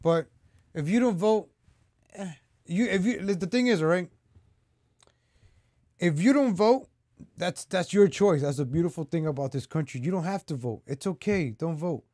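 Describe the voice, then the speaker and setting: A man's voice: high-pitched, animated, moderate pace, long pauses, a little mellow, no room sound, studio quality. A man hosting his own political commentary vlog, talking straight to his viewers in a heated, repetitive rant. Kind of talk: ranting opinion vlog.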